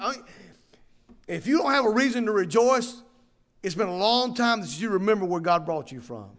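A man preaching a sermon, telling a long story in a folksy way with fillers and restarts, and reading scripture slowly. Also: high voice, animated, fairly bright tone. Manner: reads scripture in slow, drawn-out cadence. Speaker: pastor.

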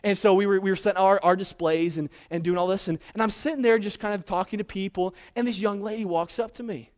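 A man's voice: high voice, steady tone, quick pace. A young man preaching a sermon, telling a story with many restarts and building to emphatic points. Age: young adult.

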